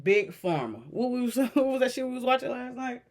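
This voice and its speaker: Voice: medium pitch, big pitch swings, fairly quick. A reaction video host talking casually and cursing a lot, getting irritated and mimicking the people in the clip. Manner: profane, exasperated, repeats clip lines aloud; mocking impressions of people in the clip.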